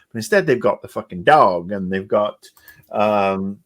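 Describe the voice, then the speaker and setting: A man's voice: on the low side, lively intonation, a little slow. Guy rambling on a chat podcast, sarcastic, curses a bunch, lots of ums. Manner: rambling, sarcastic, swears freely, many fillers. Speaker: podcast co-host. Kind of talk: casual podcast discussion.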